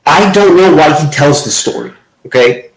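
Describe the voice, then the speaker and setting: A man's voice: fairly high pitch, expressive, moderate pace, roomy sound, low-quality recording. A man hosting commentary over clips, mocking and sarcastic, often tagging his points with "okay". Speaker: host.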